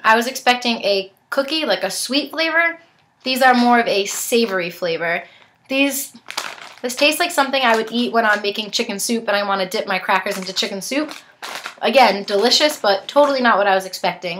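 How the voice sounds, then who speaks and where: A young woman with a bright, fairly high voice chats through a casual snack unboxing review. She tastes each treat as she goes, sometimes talking with her mouth full. A faint hiss sits under the recording. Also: animated, moderate pace. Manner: chatty, talks while chewing.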